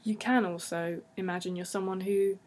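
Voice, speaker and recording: A woman practitioner giving slow, soothing guided tapping instructions, repeating gentle phrases. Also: medium pitch, fairly even intonation.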